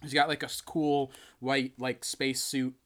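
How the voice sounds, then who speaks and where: A man hosting a podcast, chatting casually and retelling a film with lively acted-out quotes. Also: mid-range voice, a little slow. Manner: animated storytelling, acts out quotes. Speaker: podcast host. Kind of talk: casual chat.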